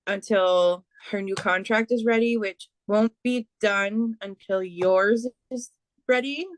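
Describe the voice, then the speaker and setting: Slow, halting woman giving a spiritual reading. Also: medium pitch, fairly even intonation, no echo. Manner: slow, halting, many fillers and restarts. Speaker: psychic medium.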